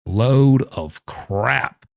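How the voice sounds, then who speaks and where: A man's voice: medium pitch, expressive, drawn-out words, vocal fry, no room sound, clean studio sound. A man giving opinionated reaction commentary with a blunt, mocking manner, speaking as someone who says he knows prison life firsthand.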